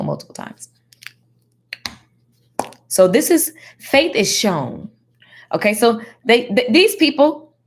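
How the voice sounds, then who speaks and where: A woman giving casual Bible teaching in a slangy, animated, preachy way. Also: medium pitch. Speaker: faith teacher.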